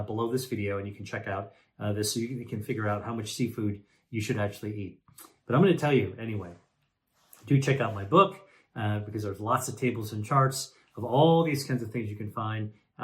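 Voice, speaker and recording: A male doctor talks straight to the camera, explaining health advice in a loose, conversational way. He stops and restarts his sentences, drops in "uh" and "um", and keeps checking in with "all right" while he repeats the main points. His voice sits in an ordinary middle pitch for a man. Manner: conversational, with many fillers and self-corrections. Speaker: physician and health educator.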